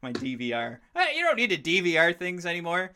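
A man in his thirties co-hosting a podcast in casual chat, excitable and rambling, swearing freely as he talks. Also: fairly high pitch, fast talker, a little hiss or hum. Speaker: podcast co-host.

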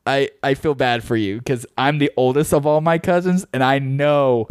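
A man's voice: medium pitch, normal speed, clean tone, no room sound. Young male podcast co-host, loose rambling storyteller, dry close sound. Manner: rambling storyteller, heavy on "like" and "dude". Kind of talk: casual chat.

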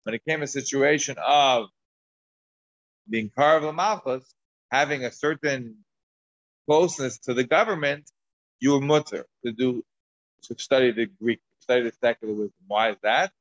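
A man with a mid-range voice teaches a Talmud lesson at a moderate pace, rambling through asides and restarts. The recording is dull, dry, and lo-fi.

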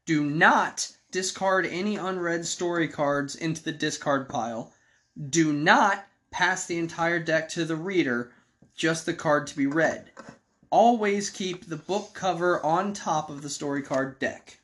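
Man reading game cards aloud, fairly high voice, joking asides. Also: measured pace, a bit bright. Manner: joking asides between read passages. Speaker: game reader.

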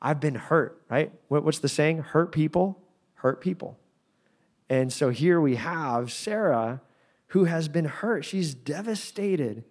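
A man preaching a sermon in a conversational, animated way, with playful asides. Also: on the high side, measured pace. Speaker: pastor.

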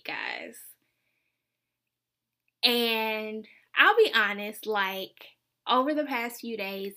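A woman's voice: medium pitch, creaky, pushed and bright. A young woman hosting a faith podcast, talking earnestly and confessionally, with lots of "like". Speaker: podcast host. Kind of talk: casual faith podcast monologue.

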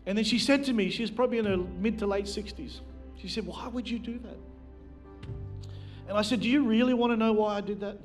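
A man's voice: high-pitched, fairly even intonation, quick pace, hardly any pauses, faint music behind. A male pastor preaching a sermon to a live congregation on a handheld microphone, telling a personal story with self-deprecating jokes. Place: church, speaking to a live congregation.

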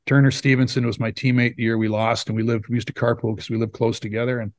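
A middle-aged man, a former hockey player telling stories in a casual interview, rambling and animated with lots of fillers. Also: mid-range voice, fast talker. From Saskatchewan, Canada. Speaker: former pro hockey player, now scout. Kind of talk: casual storytelling in a podcast interview.

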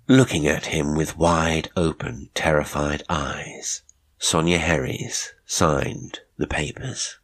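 A man narrating a classic horror short story in a measured, unhurried way. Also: very deep voice, fairly bright tone, faint music behind. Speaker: narrator and producer.

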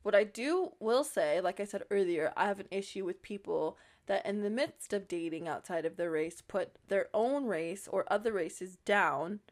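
A young woman from Connecticut hosting a casual chat podcast, talking in a sassy, emphatic way full of "like" and "listen". Her voice sits at an ordinary middle pitch. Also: moderate pace, hardly any pauses. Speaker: podcast co-host.

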